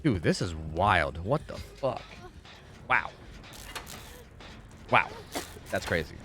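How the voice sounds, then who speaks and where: A young man streaming gameplay, swearing a lot and swinging between shocked yells and low mumbled asides. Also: big pitch swings, slow. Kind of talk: live gameplay commentary. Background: game music.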